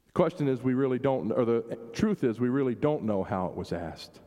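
A man's voice: mid-range voice, animated, fairly quick, warm tone. Reflective male preacher in a reverberant hall. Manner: reflective, varies emphasis, acts out quoted questions. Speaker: pastor. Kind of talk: sermon.

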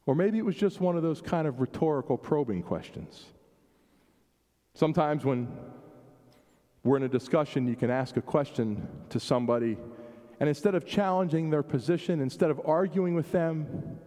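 A male pastor delivers a sermon in a slightly high but mellow voice. He speaks reflectively and plays with emphasis as he voices questions aloud. The sound carries a long reverb, as in a church sanctuary. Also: normal speed. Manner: reflective, varies emphasis, acts out quoted questions.

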